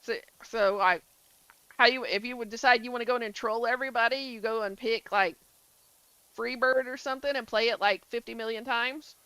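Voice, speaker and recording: A woman chats casually with her stream as she plays, peppering her talk with filler likes. Her voice sits a little high and comes across bright and forceful. The sound is dry and close. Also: steady tone, a little fast, clear, resonant tone, no room sound, low-quality recording. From southern United States. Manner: chatty, answers chat, many filler likes. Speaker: gaming streamer. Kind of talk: casual chat while streaming a game.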